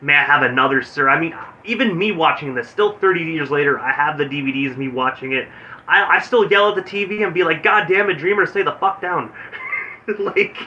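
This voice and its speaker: Male radio host, enthusiastic fan chatter, sharp voice, muffled line with light noise. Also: fairly high pitch, brisk. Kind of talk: casual interview chat.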